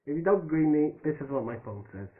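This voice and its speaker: A man reading a story aloud in a halting, stumbling way, breaking off to mutter comments to himself. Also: a little high, expressive. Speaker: story reader. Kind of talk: casual reading aloud with asides. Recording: tinny phone-like sound in an echoey room.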